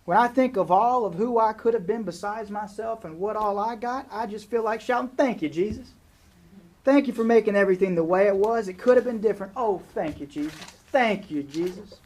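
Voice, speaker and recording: A man voicing a self-righteous older churchgoing farm wife who rants in a shrill, shouting, indignant voice. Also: fairly even intonation, a little fast, few pauses. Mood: gushing thankful.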